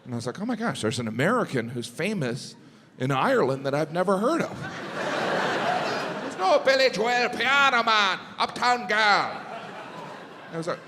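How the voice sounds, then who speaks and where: A man's voice: high-pitched, sing-song, normal speed, pauses often. A man performing a stand-up comedy set, telling stories animatedly and acting out both sides of conversations. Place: large theater stage. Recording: live theater with long reverb and audience noise.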